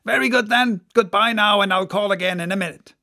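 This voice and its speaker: A man's voice: high voice, fairly quick, creaky, pushed and bright, pitched above the performer's own voice, heavily acted. A man voicing a boisterous, joking male whaling mate in an audiobook, bellowing and mocking. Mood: hailing loudly. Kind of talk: audiobook character voice.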